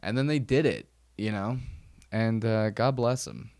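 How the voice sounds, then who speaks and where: A man's voice: fairly low pitch, unhurried, a little mellow, no echo, studio quality. A young man hosting a podcast, telling wry stories in a rambling, casual way with lots of fillers. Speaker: podcast host. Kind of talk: casual solo chat.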